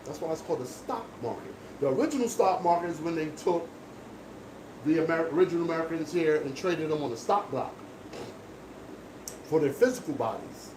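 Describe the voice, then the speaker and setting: Man with a high voice, lecturing emphatically. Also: animated, fairly quick, pauses often, recorded from a distance. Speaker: barber. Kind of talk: casual barbershop chat. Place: barbershop. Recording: echoey room with background noise.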